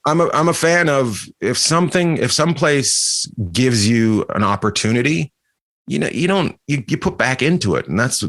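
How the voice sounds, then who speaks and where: Low-voiced Canadian-born comedian telling stories. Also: male voice, vocal fry. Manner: animated anecdotes with frequent laughs and restarts. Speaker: comedian guest. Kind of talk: casual storytelling chat.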